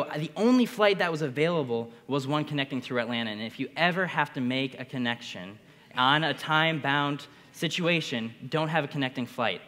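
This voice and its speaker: A young man telling a keynote story to a crowd, his voice surging with excitement. The sound rings with long reverb from a large hall. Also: medium pitch. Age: young adult. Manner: energetic, builds to bursts of excitement. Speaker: conference speaker.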